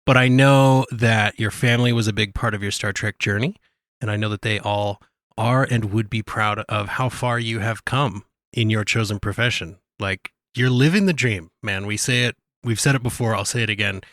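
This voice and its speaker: A man's voice: lowish voice, normal speed, fairly bright tone, no room sound, studio quality. A man co-hosting a casual podcast, enthusiastic and earnest, who often restarts his sentences. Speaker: podcast co-host.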